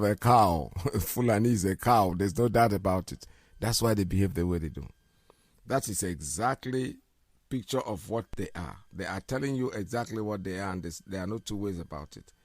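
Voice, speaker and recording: A man's voice: fairly low pitch, normal speed, no echo. A middle-aged man hosting a live radio show, speaking emphatically, repeating words and often laughing.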